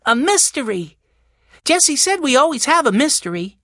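A woman reading a storybook voicing an eager, always-hungry young boy in a high, excited voice. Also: normal speed, dry recording, clean studio sound.

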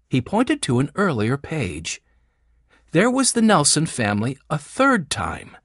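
Expressive woman reading a children's book. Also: a bass voice, unhurried, no room sound, studio quality. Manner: clear, expressive storytelling. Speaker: audiobook narrator. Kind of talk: children's audiobook narration.

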